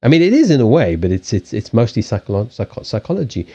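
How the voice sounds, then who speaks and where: A man's voice: lowish voice, very animated, fast, mellow, breathy edge, lo-fi sound. A man hosting a live stream, chatting casually about habits and anxiety, rambling with frequent restarts, swearing and laughing. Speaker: livestream host and card reader.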